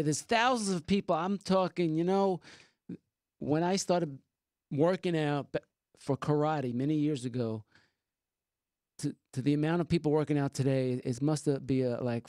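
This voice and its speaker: A chatty man hosting a call-in radio show, his voice sitting a little higher than most. He talks loosely and jokes with his guest. The sound is dry and close, with no room to speak of. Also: a little mellow, no echo. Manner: chatty, jokey, reads out call-in number. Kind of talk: casual radio talk.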